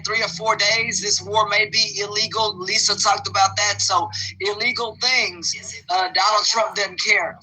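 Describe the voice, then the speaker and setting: A man with a high, very bright voice rambles through a political opinion, exasperated and full of fillers. He talks in a loose, casual way. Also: breathy edge, rough recording.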